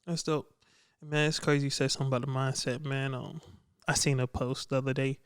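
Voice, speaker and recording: A man's voice: mid-range voice, little pitch movement, fairly quick, clear, resonant tone, no echo, clean studio sound. A man hosting a podcast, talking in a hyped, slangy, casual way. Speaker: podcast host.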